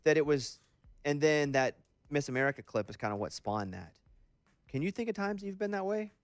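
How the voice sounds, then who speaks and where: A man hosting a radio show, chatting casually and telling stories in an animated, rambling way into a studio microphone. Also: on the high side, dry recording. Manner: animated storyteller, quick and rambling. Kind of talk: casual morning radio chat.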